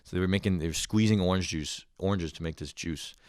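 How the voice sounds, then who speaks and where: Deep-voiced man ranting casually. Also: quick pace, darkish tone, clear, resonant tone, dry recording, studio quality. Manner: rambling, profane, heavy use of "like". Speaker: podcast host. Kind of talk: casual comedic rant.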